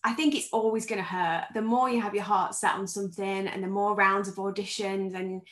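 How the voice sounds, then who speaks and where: A woman's voice: medium pitch, fairly even intonation, a little fast, fairly bright tone, slight background noise. Candid woman actor, echoey call. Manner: friendly, candid, thinks aloud with fillers. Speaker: actor on a career panel. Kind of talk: conversational panel answers.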